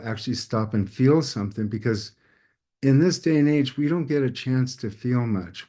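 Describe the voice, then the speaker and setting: A man's voice: medium pitch, warm tone. A middle-aged man telling a personal story to a group as host, acting out the voices of people in it. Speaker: podcast host, painter.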